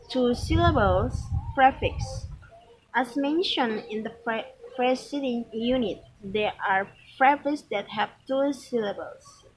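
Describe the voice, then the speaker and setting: A woman's voice: fairly high pitch, a little hiss or hum, poor audio. A woman reading a pronunciation lesson aloud from a textbook, carefully and with small slips and restarts.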